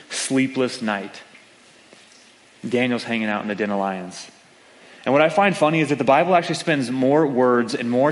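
A man preaching from a pulpit, telling his story and the scripture in an easy, conversational way. His voice sits at an ordinary middle pitch. A long reverb trails after his words in a large church hall. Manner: conversational storytelling with acted-out quotes. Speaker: pastor. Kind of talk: sermon.

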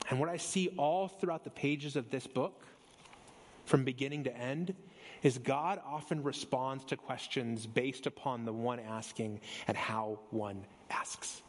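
A man's voice: mid-range voice, unhurried, slight background noise. Man preaching with dramatic pacing. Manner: preaching with sweeping shifts of pace and emphasis. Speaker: pastor. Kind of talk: sermon. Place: church sanctuary.

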